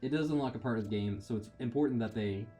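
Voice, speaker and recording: A man's voice: mid-range voice, quick pace, warm tone. A man giving rambling, self-deprecating commentary while playing a video game. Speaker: gamer. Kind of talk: let's play commentary. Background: faint game music.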